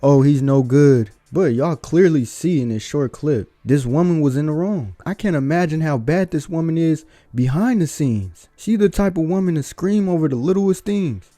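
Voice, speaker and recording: A man's voice: fairly high pitch, animated, moderate pace, hardly any pauses, warm tone, no room sound. A man hosting a reaction video, giving blunt, lecturing commentary. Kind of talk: opinionated commentary.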